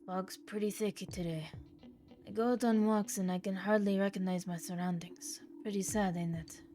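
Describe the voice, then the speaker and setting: Woman doing a hushed, polite townsman. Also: mid-range voice, fairly even intonation, normal speed, soft background music, lightly acted. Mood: apologetic. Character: polite soft-spoken townsman asking a favor. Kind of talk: reading game dialogue in a voice.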